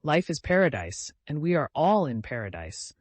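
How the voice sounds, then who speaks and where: A man voicing a gentle, feverish dying young man who talks tenderly and with rapture, in an audiobook. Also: on the high side, very animated, normal speed, no room sound. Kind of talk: audiobook character voice.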